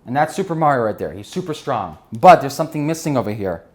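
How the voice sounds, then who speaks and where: A man giving an energetic business lesson while drawing on a board, often checking in with his listeners. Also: medium pitch, fast. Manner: energetic, keeps checking in with "right?" and "okay?". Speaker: business instructor.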